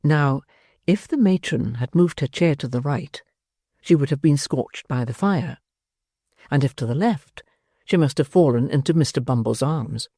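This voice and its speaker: An audiobook narrator reading a classic novel in a measured, expressive storytelling manner. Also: mid-range voice, dry recording. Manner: measured, expressive storytelling with dry wry emphasis.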